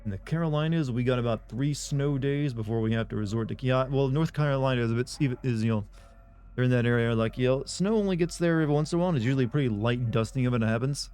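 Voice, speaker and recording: A man's voice: medium pitch, fast, mellow, clear, resonant tone. A man on a live game stream chatting casually with viewers, rambling and offhand, with frequent swearing and restarts.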